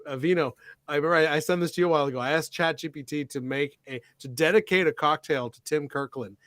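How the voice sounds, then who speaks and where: A man's voice: fairly high pitch, fast talker, a bit bright, no room sound, studio quality. A man hosting a livestream, chatting casually while mixing cocktails, playful and fussy about how drink names are pronounced. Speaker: bartender host.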